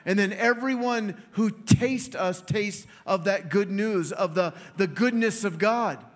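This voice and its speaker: Male preacher, high voice, lively anecdotal sermon, laughs between lines. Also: takes it slowly. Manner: animated, acts out quoted voices, laughs often. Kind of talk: storytelling sermon.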